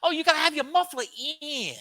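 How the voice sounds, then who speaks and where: A man's voice: extremely high pitch, expressive, quick pace, sharp tone, no room sound, studio quality, voice pushed up, exaggerated voice. A man doing an impression of a boisterous joking male pro wrestler, with a teasing, drawling delivery.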